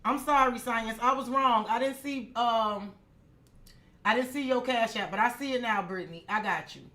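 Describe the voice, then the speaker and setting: Woman tarot reader on a live stream: frank, swearing, chatty, voice on the higher side. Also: normal speed, sharp tone. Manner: talks straight to viewers by name.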